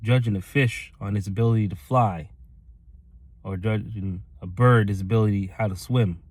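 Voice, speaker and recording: A man's voice: on the low side, steady tone, normal speed, husky, no room sound. A man giving a rambling, earnest motivational talk to his viewers, acting out other people's voices as he tells a story. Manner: rambling, earnest, addresses "ladies and gentlemen"; acts out quoted voices in his stories. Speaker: motivational vlogger.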